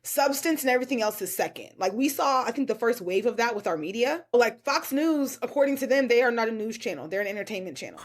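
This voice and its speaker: Expressive woman, slightly high voice. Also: fast, hardly any pauses. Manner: expressive, laughs often, quotes her own reactions. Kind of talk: casual podcast chat.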